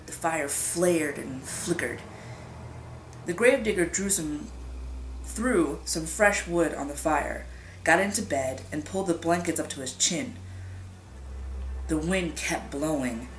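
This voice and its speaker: A woman reading a scary story aloud in a suspenseful, drawn-out way, whispering the sound effects. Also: low-pitched, noisy background. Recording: echoey room with music behind.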